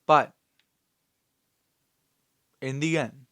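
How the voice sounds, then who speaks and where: A man's voice: fairly high pitch, extremely slow, fairly bright tone, smooth, dry recording, clean studio sound. A man hosting his own channel, giving a rambling, opinionated commentary with many fillers and a scolding tone. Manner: scolding, dismissive. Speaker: channel host.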